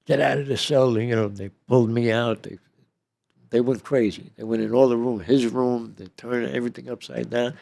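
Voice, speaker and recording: A man's voice: mid-range voice, level tone, normal speed, creaky, mellow. An older man telling a long story as an interview guest, rambling and tagging his lines with "okay?" and "you know".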